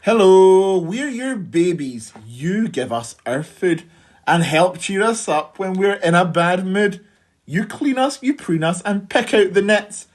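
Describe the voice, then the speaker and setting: A woman's voice: medium pitch, animated, slow, voice pushed up. A woman doing tender baby animals. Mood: affectionate. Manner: tender, affectionate rhyme.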